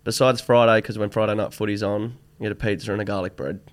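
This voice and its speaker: Easygoing low-voiced man. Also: steady tone, fast. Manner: easygoing, short agreeing replies. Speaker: guest, personal trainer. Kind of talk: casual chat.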